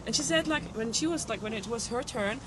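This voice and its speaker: A woman's voice: on the high side, fast talker. A young woman from Germany, a university student, animatedly telling a casual story and acting out what others said. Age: young adult. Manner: animated, quotes others' voices. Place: outdoors in a city. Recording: outdoor street noise with traffic.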